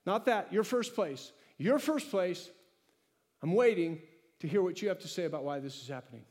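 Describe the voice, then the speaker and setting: A man preaching a sermon as pastor, animated, acting out his own talks with God. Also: sits high, moderate pace. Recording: long hall reverb.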